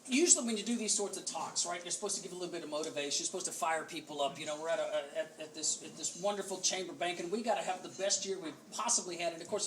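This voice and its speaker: At a banquet, a keynote speaker with a high, fairly bright voice tells folksy, humorous stories and jokes at his own expense. The roomy hall is recorded from a distance, with slight background noise and the audience audibly laughing.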